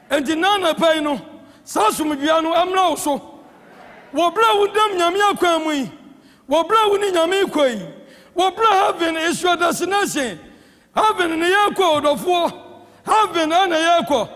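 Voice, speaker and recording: A man with a Ghanaian accent preaching a sermon as presiding elder, swinging between impassioned shouts and hushed tones. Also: very high voice, animated, moderate pace. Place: church hall. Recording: church hall with long reverb.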